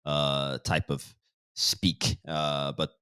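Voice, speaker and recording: A man from the United States, hosting a casual interview in an easygoing, deliberate way. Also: rumbling low, level tone, sharp tone, clean tone, no room sound, studio quality. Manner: easygoing, deliberate host with fillers. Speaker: channel host, interviewer.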